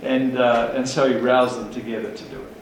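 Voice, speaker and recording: A man's voice: mid-range voice, fairly even intonation, fairly quick, a little hiss or hum. A man preaching a sermon as pastor, emphatic and rousing, with rhetorical questions to his congregation. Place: large church hall. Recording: echoey hall, speaker far from mic.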